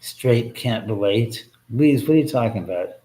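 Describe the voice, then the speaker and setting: A man of middle pitch hosts a casual livestream from his home. He rambles and jokes sarcastically, swears without a second thought, and answers viewer comments as they come in. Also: lively intonation, moderate pace, warm tone. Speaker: livestream host.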